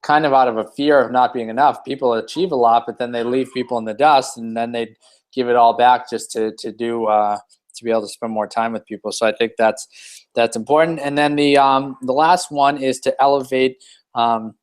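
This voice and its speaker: A man's voice: medium pitch, steady tone, a little fast. Rambling man giving a motivational talk. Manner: rambling, many fillers and restarts. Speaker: team leader hosting a weekly hangout.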